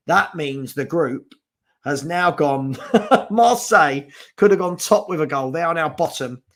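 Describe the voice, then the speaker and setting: A man's voice: on the high side, a bit bright. A man hosting a live fan watch-along of a football match, chatting casually, exasperated and swearing about his team.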